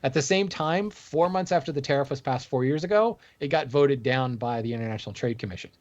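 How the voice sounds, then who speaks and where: A man's voice: medium pitch, fairly quick, darkish tone, dull audio. Wry man co-hosting a podcast. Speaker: podcast co-host. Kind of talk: casual podcast chat.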